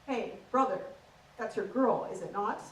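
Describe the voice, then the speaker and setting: A woman's voice: medium pitch, unhurried, distant mic, noisy background, pitched below the performer's own voice, lightly acted. A woman doing a prim posh English voice. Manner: stiff, proper, understated. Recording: roomy stage sound from afar.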